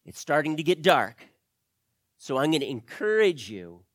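A man's voice: on the high side, sing-song, moderate pace, no room sound. A man doing a worried young explorer, earnest and confiding, his voice a bit raised and close to the mic with no room sound. told as a kids' story.

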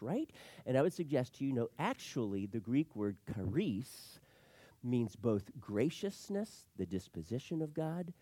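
A middle-aged man delivers a sermon as a pastor, his pitch rising and falling widely. He moves from loud emphatic lines to hushed asides. The sound is dry and close. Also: dry recording.

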